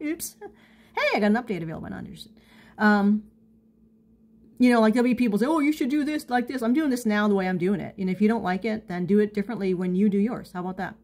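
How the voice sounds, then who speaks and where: A middle-aged woman talks to camera in a casual confessional monologue. She speaks haltingly, full of restarts and fillers, at an ordinary middle pitch. She is candid and self-mocking, with small laughs along the way. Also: a little mellow. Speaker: vlogger.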